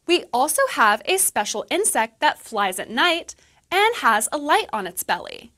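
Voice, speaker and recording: A woman playing a friendly English teacher in a scripted lesson video, explaining slowly and clearly. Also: high-pitched, very animated, bright, forceful tone, full character voice. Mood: cheerful. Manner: slow, clear teaching delivery. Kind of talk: scripted educational dialogue.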